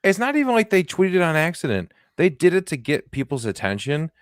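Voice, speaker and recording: A man's voice: fairly high pitch, very animated, a little fast, clear, resonant tone, no room sound, clean studio sound. A man co-hosting a comedy podcast in casual banter, joking and restarting his sentences. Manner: jokey, restarts often, swings into loud silly voices. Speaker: podcast co-host.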